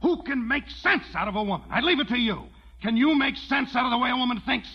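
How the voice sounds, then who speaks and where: A ranting, hot-tempered rancher. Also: male voice, extremely high pitch, expressive, fast talker, breathy edge, full character voice. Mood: fuming. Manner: blustering, ranting, mock-pathetic. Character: hot-tempered broke rancher, blustering and loud. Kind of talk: old film acting. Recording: dull old film soundtrack.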